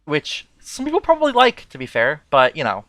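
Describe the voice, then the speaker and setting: A man from Newfoundland with a mild Newfoundland accent, chatting casually as a streamer, amused and quick to explain. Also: fairly high pitch, wildly swooping pitch, fairly bright tone, no room sound, soft background music. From Newfoundland, Canada. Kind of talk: casual chat.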